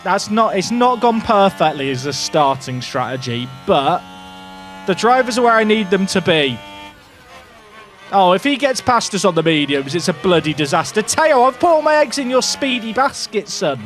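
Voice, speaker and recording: A young man giving excitable, jokey commentary while playing a racing game, talking to his chat and shouting at his drivers. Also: sits high, moderate pace, faint music behind. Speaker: gaming video creator. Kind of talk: casual gameplay commentary.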